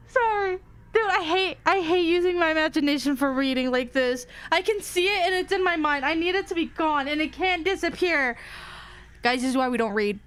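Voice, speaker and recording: Very high, bright-voiced streamer woman. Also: brisk. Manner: hushed low narration broken by shrieks, swearing and nervous laughs; animated and dramatic. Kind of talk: reading a horror story aloud on stream.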